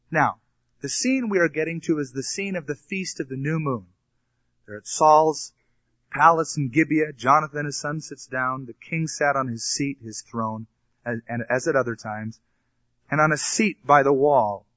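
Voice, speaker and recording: A man's voice: a little high, a bit bright, no echo. Male pastor, expository sermon, mixes scripture reading with plain-spoken asides; dry, slightly muffled recording. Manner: reads scripture then explains it in plain, colloquial asides.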